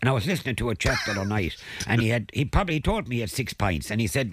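Lively Irish man in his sixties, storytelling. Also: medium pitch, very fast, husky, no room sound, clean studio sound. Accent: Irish, Tipperary. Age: 60s. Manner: storyteller who acts out quotes and chuckles at his own jokes. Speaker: regular studio contributor. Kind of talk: rambling anecdotal radio chat. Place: radio studio.

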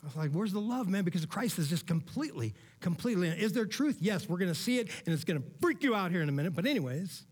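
Male pastor, high-pitched voice, relaxed street-casual preaching, dynamic loud-to-soft swings. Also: fast talker, few pauses, breathy edge. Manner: casual, conversational preaching with frequent "man" and "all right?"; swings between loud emphatic bursts and quiet low asides. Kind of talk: sermon.

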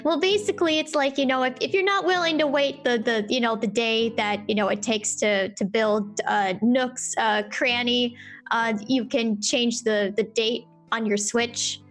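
Woman with a higher voice, explaining stuff hesitantly, lots of ums. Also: fairly even intonation, measured pace, a bit bright, faint music behind. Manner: hesitant, explaining with many fillers. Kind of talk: casual stream chat.

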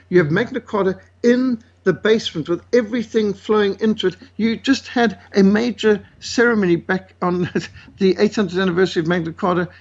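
A man's voice: high voice, slightly rough, muffled recording. A man from Africa, a guest telling stories in an interview in an indignant way, full of fillers. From South Africa. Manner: indignant, acts out quoted voices, many fillers. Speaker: guest, missionary author. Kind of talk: animated storytelling in an interview.

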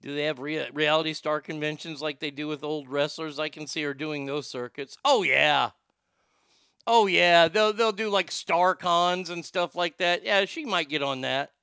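Comic host, high bright voice, crisp and dry, swings from shouting to muttering. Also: male voice, normal speed, few pauses, no echo. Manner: animated, swings between loud outbursts and muttered asides. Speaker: show host. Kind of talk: comedic podcast rant.

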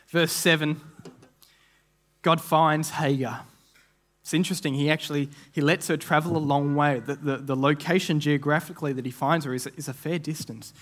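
As a guest speaker, an earnest man preaches a sermon in a voice pitched somewhat high for a man, fairly bright, with fairly even intonation. He often repeats words when restarting a phrase and slips into quick imagined voices to act out what people might have said.

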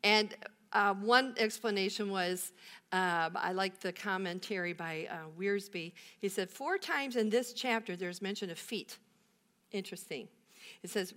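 A woman's voice: mid-range voice, fairly bright tone. A woman pastor giving a sermon, telling a Bible story with rhetorical questions and emphatic repetition.

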